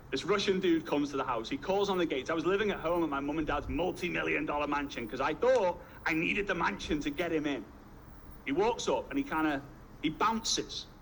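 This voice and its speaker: A man gives a motivational talk with a fairly high voice. He tells energetic stories and drives his points home with punchy repetition. A faint noise runs behind him. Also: poor audio. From Liverpool, England. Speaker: network marketing trainer.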